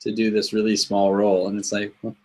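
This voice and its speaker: A man's voice: fairly low pitch, completely flat delivery, brisk, a little mellow, rough recording. A man, the host's brother and guest, talking through a casual movie discussion with repeated phrases and restarts.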